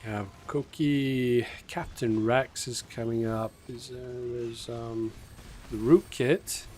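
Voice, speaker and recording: A man's voice: mid-range voice, steady tone, takes it slowly, warm tone, a little hiss or hum. Chatty, rambling male stream host. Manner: rambling, chatty, reading viewer names aloud, frequent fillers. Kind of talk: casual live-stream chat.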